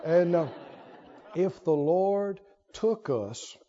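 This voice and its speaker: A man's voice: sits high, expressive, drawn-out words, dark tone, big-room sound, a faint crowd, slight background noise. A man preaching a sermon, emphatic and laughing often as he asks the congregation questions. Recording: dull lo-fi recording.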